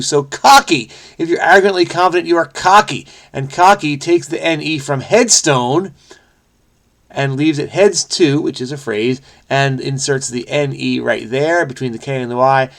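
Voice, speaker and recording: Gravelly American man rambling casually. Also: a little high. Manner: rambling, self-deprecating, chuckling often, many fillers. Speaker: crossword solving video host. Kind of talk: casual solo commentary. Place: home basement.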